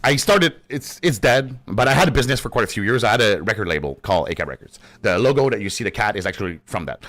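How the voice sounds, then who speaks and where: A man's voice: fairly low pitch, expressive, quick pace, few pauses, fairly bright tone, no room sound. A young adult man, a gaming streamer, in a passionate, profane, casual rant. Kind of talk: casual ranting commentary.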